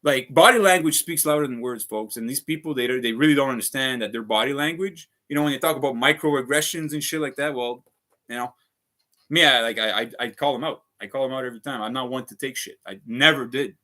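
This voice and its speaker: A man's voice: mid-range voice, quick pace, pushed and bright. A man ranting heatedly on a casual livestream, swearing often and repeating himself. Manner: heated, profane, repetitive ranting. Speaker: vlogger.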